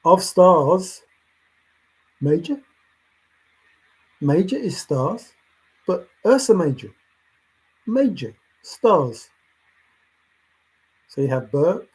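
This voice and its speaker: Brief: male solo commentator, slightly high and husky, preachy rant that swings quiet to loud. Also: poor audio. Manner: lecturing, insistent, repeats himself, swings between soft and loud. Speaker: treasure hunt commentator. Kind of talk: ranting monologue.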